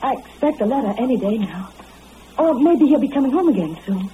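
A woman's voice: a little high, expressive, brisk, natural voice. An actress playing an earnest young woman who keeps hoping her absent sweetheart will write, in an old radio drama. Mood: hopeful. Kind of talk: 1940s radio acting. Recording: phone-like old radio recording with hiss.

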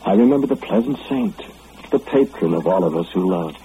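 An actor playing a remorseful young lawmaker who narrates his lovesick memories in a measured, solemn old radio drama. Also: low voice, animated, dark tone. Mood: wistful. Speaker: narrator and lead character. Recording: phone-like old radio recording, faint hiss.

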